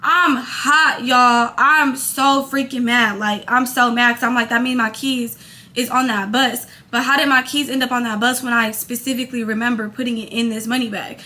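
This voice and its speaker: High, bright-voiced young woman telling a story. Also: a little fast. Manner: animated storytelling, quoting people in her own voice. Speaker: vlogger. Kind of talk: casual storytime.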